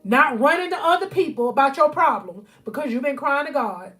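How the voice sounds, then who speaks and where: A woman's voice: high voice, lively intonation, fairly quick, fairly bright tone. A woman life coach giving fervent motivational preaching on a live stream from home. She repeats her phrases and keeps calling out to her listeners as y'all. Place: at home, near her bed.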